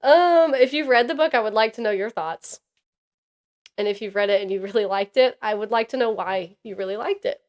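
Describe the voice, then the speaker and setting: A woman co-hosting a casual book podcast, animated and laughing often as she rants about a book. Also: on the high side, fairly quick. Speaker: podcast co-host.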